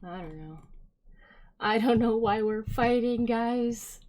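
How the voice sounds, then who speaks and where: A woman's voice: fairly high pitch, slow, a little mellow. Chatty woman streamer reading chat. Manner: rambling, filler-heavy, giggly, reads chat aloud. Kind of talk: casual live-stream chat reading comments.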